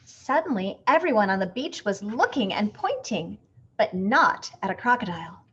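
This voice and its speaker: A woman reading a picture book aloud with expressive, animated storytelling. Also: mid-range voice, normal speed, breathy edge, dull audio.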